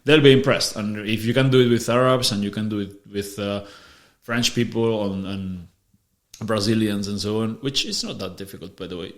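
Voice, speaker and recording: A man's voice: fairly low pitch, normal speed. A man hosting a podcast, explaining ideas in casual conversation, often restarting and repeating words. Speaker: podcast host. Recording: roomy echo.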